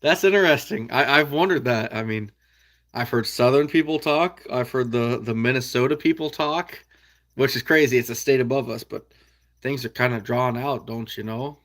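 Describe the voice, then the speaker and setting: A young man from the American Midwest talks casually to his live-stream viewers. He answers their questions by name and laughs often as he chats. His voice sits at an everyday middle pitch. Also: moderate pace, a bit bright. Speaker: trapping channel host reading live chat.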